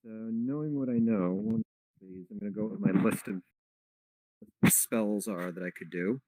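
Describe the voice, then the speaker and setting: A man's voice: fairly low pitch, normal speed, warm tone, no echo, rough recording. A man taking his turn as a player in a tabletop game, hesitant and polite, talking in stop-start phrases. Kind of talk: casual tabletop play.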